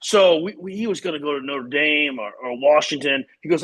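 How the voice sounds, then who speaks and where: Animated, ranting man with a husky voice. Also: on the high side, brisk. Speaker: podcast co-host. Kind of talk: casual sports talk.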